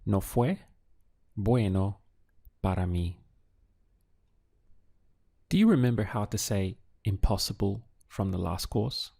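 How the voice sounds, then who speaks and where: A male teacher speaks in an unhurried, measured way, posing a phrase to translate and then calmly supplying the answer. His voice sits low and has a dark, mellow tone. He sometimes splits words into syllables for practice. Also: gravelly. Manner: poses prompts, pauses, then gives answers syllable by syllable. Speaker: language teacher. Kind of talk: slow, deliberate audio language lesson.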